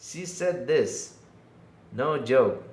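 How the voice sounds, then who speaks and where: A man's voice: medium pitch, animated, drawn-out words, darkish tone, echoey room. A man hosting a casual livestream, joking with the chat and playing up mock hurt, laughing often. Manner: playful, self-mocking, laughs often, mock-whiny. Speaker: livestream podcast host. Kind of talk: casual live-chat banter.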